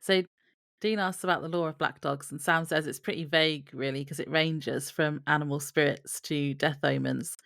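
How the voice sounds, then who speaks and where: Low-voiced wry woman co-host, dry sound. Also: fairly even intonation, moderate pace, gravelly, a bit bright, no echo. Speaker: podcast co-host. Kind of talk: casual chat recapping a TV episode.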